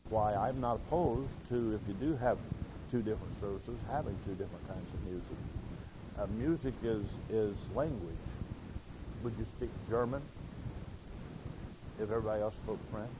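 A man's voice: fairly low pitch, moderate pace, long pauses, background noise. Older man preaching a folksy sermon. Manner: folksy storytelling with acted quotes.

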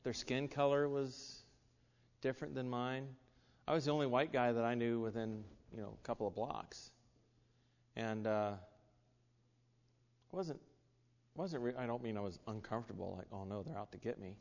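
A man's voice: medium pitch, moderate pace, vocal fry, pauses often, big-room sound, highs cut off. A man with an American accent preaching a sermon, earnest, with frequent restarts and asides. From United States.

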